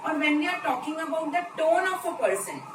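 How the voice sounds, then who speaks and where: Her voice high and animated, moving a little fast, an Indian woman with an Indian English accent walks through terms step by step in a lecture video, repeating the important terms. The recording has room echo, a far-off mic, and background noise.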